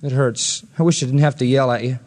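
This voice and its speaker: A man's voice: medium pitch, steady tone, a little fast, a little mellow, in a large hall. A male pastor preaching an expository sermon, earnest and rising to emphatic peaks when quoting scripture.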